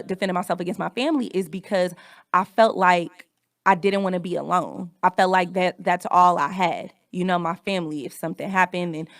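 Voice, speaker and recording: Candid low-voiced woman podcast host. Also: no echo. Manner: candid and profane, reflective. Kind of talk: personal storytelling monologue.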